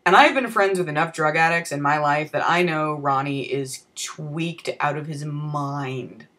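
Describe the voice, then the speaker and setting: A woman vlogger spins a comic tale from her own life, dry and full of casual swearing. Her voice sits on the lower side, and she slips in deadpan asides to the viewer. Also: a little slow. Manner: wry, profane, deadpan asides. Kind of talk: comic personal storytelling.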